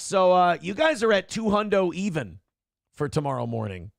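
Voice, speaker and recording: Gravelly animated male stream host. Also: sits high, normal speed, no echo. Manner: animated, mocking impressions. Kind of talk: casual live-stream talk.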